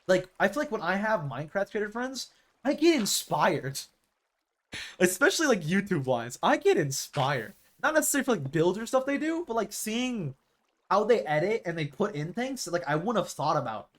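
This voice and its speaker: A man's voice: high-pitched, sing-song, normal speed, a bit bright. A man chatting casually with his stream viewers as a live streamer, rambling and acting out quoted exchanges.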